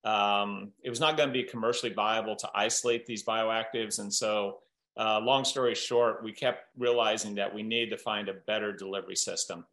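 A man in his fifties from Southern Iowa, a chemist and company co-founder, telling a story on a training call in a relaxed, halting way with many fillers and restarts. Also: lowish voice, roomy sound. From Southern Iowa, USA.

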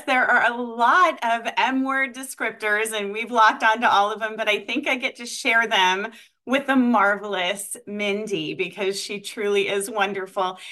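A woman in her thirties or forties, co-hosting a company call with a bright, forward voice pitched a bit high. She chats along and heaps praise on everyone. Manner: gushing, chatty, full of praise. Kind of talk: warm welcome on a company call.

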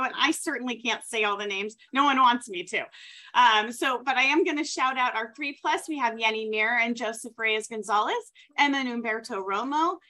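An upbeat woman hosts a team recognition call with a high voice. She hurries through list after list of names with quick thanks and apologies for rushing. She sounds a little out of breath. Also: pushed and bright. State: running out of breath. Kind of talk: reading out names in a recognition segment.

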